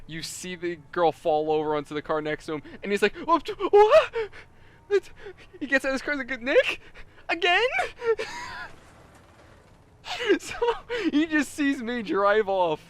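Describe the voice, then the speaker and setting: A man's voice: high-pitched, a little fast, hardly any pauses, background noise. A man hosting a gaming video, telling a story in casual chat with lots of laughter and voiced quotes. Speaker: let's play host.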